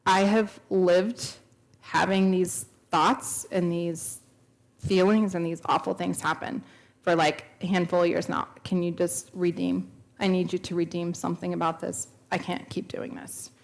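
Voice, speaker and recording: In a church sanctuary, a woman in her thirties shares a personal testimony in a gravelly, lowish voice with little pitch movement and a measured pace. Earnest and storytelling, she acts out the dialogue she quotes.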